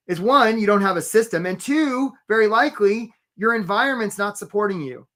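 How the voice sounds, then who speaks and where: A man, a career coach, hosting a live webinar in an energetic, chatty way and calling out attendees by name. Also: high-pitched, normal speed, few pauses.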